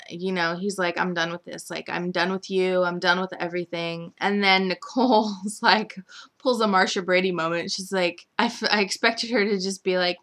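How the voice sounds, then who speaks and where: A young woman with a lowish voice and a fairly bright tone chattily recaps a week of a soap opera. Her casual recap is full of "like" and "um," and she briefly mimics the characters.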